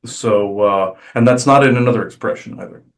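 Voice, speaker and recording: A man channeling on a spiritual podcast, talking casually and haltingly with many "uh" fillers and restarts. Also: on the low side. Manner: hesitant, many "uh" fillers, rambling.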